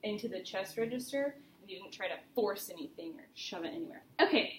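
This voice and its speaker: A woman's voice: medium pitch, expressive, fast, faint music behind. A woman voice teacher giving a private singing lesson, chatty and encouraging as she explains with vivid images. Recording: roomy studio with faint noise.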